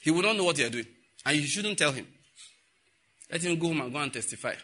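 A man's voice: a little high, animated, fast talker, pushed and bright. A man preaching a sermon, telling stories and acting out the dialogue. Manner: storytelling, acting out dialogue, frequent laughter.

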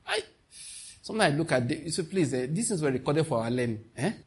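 Fervent Nigerian preacher, a man with a raspy, raised-pitch voice, at the pulpit. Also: sing-song, fast, darkish tone. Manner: impassioned, mixing in pidgin asides. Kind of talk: sermon.

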